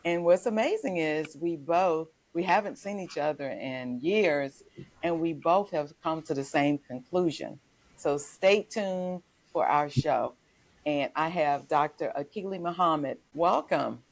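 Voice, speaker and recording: A woman family physician hosting a health talk show, introducing her guest as a measured, friendly interviewer. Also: sits low.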